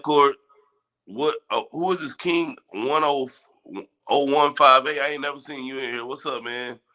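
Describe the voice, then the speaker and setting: A man hosting a casual livestream, giving advice and answering chat viewers in a relaxed, conversational way. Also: on the low side. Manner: laid-back, talks straight to chat viewers. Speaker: livestream host.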